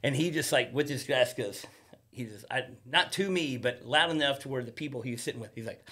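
A man with a medium-pitched, bright, forceful voice talks briskly as a podcast guest in a studio. His stories come out loose and casual, full of free swearing and acted-out quotes.

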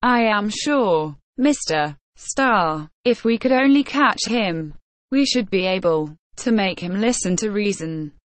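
A woman's voice: mid-range voice, lively intonation, slow, dry recording. Woman reader doing an earnest young guy, eager, pleading, storybook feel. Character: earnest young male miner, devoted lover.

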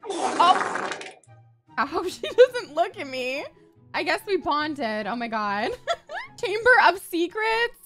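A young woman giving sassy, profane, excitable gameplay commentary, gasping often as she plays. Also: extremely high pitch, takes it slowly, pauses often, over music. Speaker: gaming YouTuber.

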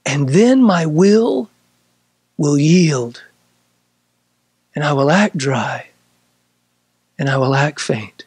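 A man's voice: fairly high pitch, animated, extremely slow, pauses often, a little mellow, slightly rough, no room sound. A middle-aged man preaching a sermon as pastor, quoting scripture in old-style wording and rising to emphatic bursts. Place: church sanctuary.

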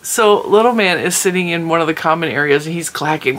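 Bright-voiced chatty tired woman. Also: low-pitched, a little fast. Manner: chatty storyteller, laughs often. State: tired, yawning. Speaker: crochet vlogger. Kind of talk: casual chat to camera.

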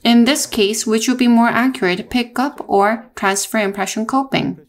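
A woman narrating a technical dental lesson in a measured, explanatory way, with small restarts. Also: fairly high pitch. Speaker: dental lecturer.

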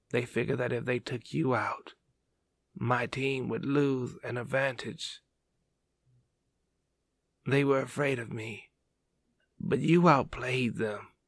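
A man voicing a dying young swordsman who speaks softly and tenderly. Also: mid-range voice, no room sound, studio quality. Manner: soft, hushed and breathy. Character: dying young male swordsman, gentle and loving.

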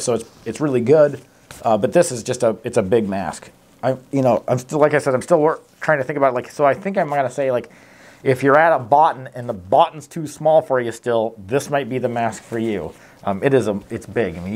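Rambling man reviewing masks to camera. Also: medium pitch. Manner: rambling, self-correcting, many fillers; reads out test figures plainly. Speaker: mask tester reviewing products. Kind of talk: casual product review to camera.

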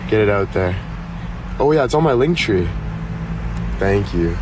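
A man's voice: medium pitch, a little fast, background noise. A young man from Canada chatting casually on a live stream, rambling and joking with lots of fillers.

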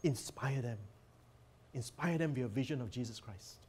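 A man's voice: mid-range voice, moderate pace, a little mellow, a little hiss or hum. A man presenting a teaching workshop as a professor, earnest and emphatic as he guides listeners through slides.

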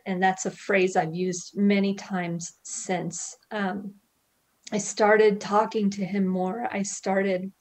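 Earnest woman sharing a faith story. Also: medium pitch. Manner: earnest, heartfelt, laughs softly between thoughts. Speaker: guest. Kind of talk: personal faith testimony. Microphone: video call.

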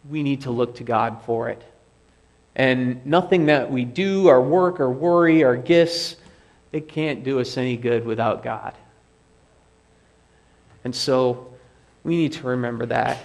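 A man preaching a sermon as pastor, slow and deliberate, asking the congregation rhetorical questions. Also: mid-range voice. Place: church sanctuary.

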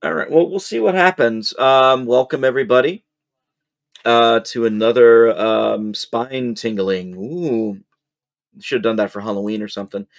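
A man's voice: medium pitch, normal speed, vocal fry. Laid-back man with a scratchy voice. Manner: laid-back, hesitant with many ums. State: slightly soft, scratchy voice. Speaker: game master. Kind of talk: running a tabletop game.

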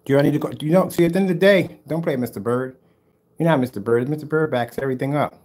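Guy streaming casual, talks trash and teases chat, kinda high voice. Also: fast, darkish tone. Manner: brash, taunting, trash-talking; mock soothing, teasing. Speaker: DIY projector screen paint video host. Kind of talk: casual livestream chat replying to viewer comments.

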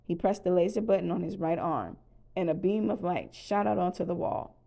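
A woman calmly narrating a children's storybook read-aloud. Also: fairly low pitch, moderate pace, creaky. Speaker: storybook reader.

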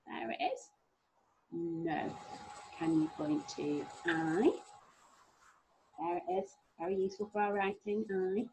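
A woman's voice: mid-range voice, big pitch swings, slow, creaky, pauses often, background noise. Sing-song teacher woman sounding out letters. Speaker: primary school teacher. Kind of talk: recorded phonics lesson for young children.

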